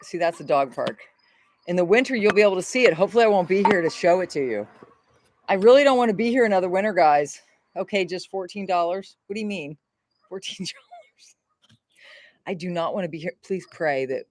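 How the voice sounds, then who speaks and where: Chatty, swearing woman livestreamer. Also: fairly low pitch. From Florida. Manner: rambling, chatty, swears freely. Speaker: livestream host. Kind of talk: casual livestream chat.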